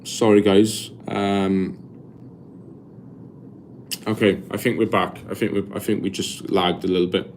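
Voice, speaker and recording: A young Welsh man talks loosely on a live stream, his voice sitting a little low, stumbling and restarting as he answers viewer comments. Faint background ambience sits under him. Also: level tone, unhurried, long pauses, a little mellow, a little hiss or hum. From Wales. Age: 20s. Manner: rambling, chatty, many restarts and fillers; reads viewer comments aloud and answers them. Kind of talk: casual live-stream chat.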